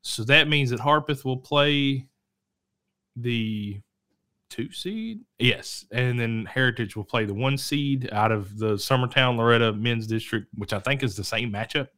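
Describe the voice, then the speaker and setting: Male sports host, casual rambling talk, self-correcting, bright tone. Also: medium pitch, a little slow. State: coughing now and then.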